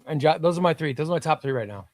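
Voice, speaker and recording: A man with a slightly high voice talks into a close, dry mic on a live stream. He is enthusiastic and chatty and keeps repeating his words. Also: lively intonation, racing, dry recording. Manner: enthusiastic, repeats himself, reads chat aloud. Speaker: comic book live stream host. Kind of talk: casual live stream chat.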